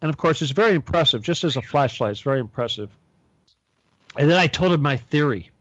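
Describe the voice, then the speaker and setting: A man's voice: a little high, expressive, brisk, a bit bright, no room sound. Rambling man telling stories, dull sound. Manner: rambling storyteller with laughs and restarts. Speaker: podcast host. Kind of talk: casual chat.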